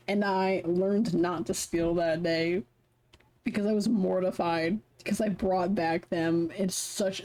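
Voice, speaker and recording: A woman's voice: mid-range voice, dark tone. A young woman on a live stream, talking casually and animatedly between lines of a game she reads aloud. She swears freely and rambles through stories. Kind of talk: casual chat while reading a visual novel aloud.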